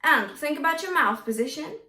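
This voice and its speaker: Brisk and sharp-toned, this woman's high voice carries lively intonation as she coaches a singing lesson. She frequently checks in with "yeah?" and demonstrates by singing short lines, heard from afar in a roomy recording.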